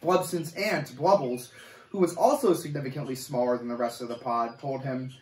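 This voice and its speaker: A man reading a chapter of a children's story aloud, with an animated, expressive delivery. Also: mid-range voice, normal speed, far from the mic. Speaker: camp coordinator reading a story. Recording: echoey room, voice off-mic.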